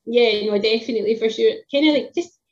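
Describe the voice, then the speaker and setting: A woman's voice: fairly high pitch, quick pace, a little mellow. Chatty woman on a lo-fi call. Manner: chatty, laughs often, many fillers. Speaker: tradeswoman guest. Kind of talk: casual video call chat.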